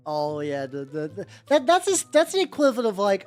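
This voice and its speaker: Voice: mid-range voice, huge pitch swings, a little fast, few pauses. Rambling streamer chatting while painting. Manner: rambling, many fillers and self-restarts. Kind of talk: casual live-stream chat while painting. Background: faint background music.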